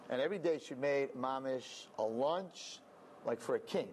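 A man's voice: medium pitch, normal speed, darkish tone, slight background noise. A man telling a story animatedly, sprinkled with Yiddish words. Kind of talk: told story.

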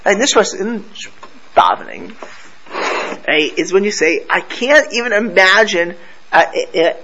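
A man's voice: high-pitched, a bit bright, highs cut off. A man teaching a Torah class to a live group, telling stories animatedly and mixing Hebrew and Yiddish terms into his English.

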